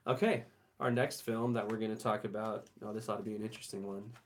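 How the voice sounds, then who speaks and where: A man's voice: lowish voice, fairly even intonation, quick pace. A man co-hosting a podcast, chatting casually about movies and laughing often. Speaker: podcast co-host. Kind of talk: casual chat.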